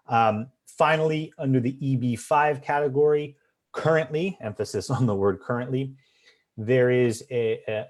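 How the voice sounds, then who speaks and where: A man's voice: medium pitch, darkish tone. A man, an immigration attorney, explaining visa options in a webinar, with frequent fillers and restarts. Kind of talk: webinar presentation.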